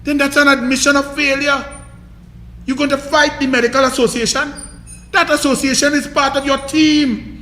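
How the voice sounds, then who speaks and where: A man's voice: very high voice, steady tone, normal speed, pushed and bright, echoey room. A man with a Trinidadian accent giving a scornful, mocking political rant, hammering his points with emphasis. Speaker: political commentator. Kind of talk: ranting political commentary.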